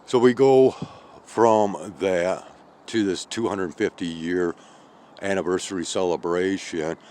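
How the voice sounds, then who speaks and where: Slow, deep-voiced tired man. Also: mellow, slight background noise. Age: 50s. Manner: slow, meandering, with frequent "okay?" and "all right?". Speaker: channel host. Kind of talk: rambling monologue.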